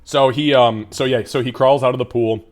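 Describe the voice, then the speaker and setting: A man's voice: mid-range voice, fairly even intonation, normal speed. A man running a tabletop game as game master, narrating in a loose, casual way and cursing freely.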